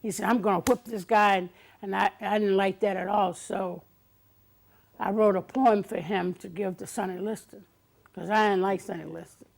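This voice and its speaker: An older woman guest in an interview, telling stories in an animated way, acting out quotes and laughing often. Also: medium pitch, normal speed, creaky. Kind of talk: storytelling interview.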